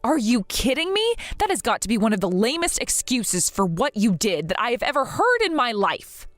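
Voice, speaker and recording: A woman's voice: fairly high pitch, big pitch swings, moderate pace, fairly bright tone, dry recording, faint music behind. A woman playing a grieving, hurt wife. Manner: pleading and earnest. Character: grieving young wife, hurt but earnest. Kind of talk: dramatized story voice acting.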